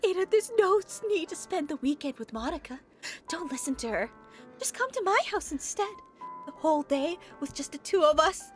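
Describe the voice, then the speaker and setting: Obsessive lovestruck young woman, as a woman voices her, breathless confessions, lively high voice, game music faint behind. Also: moderate pace. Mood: sweet. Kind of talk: reading game dialogue aloud.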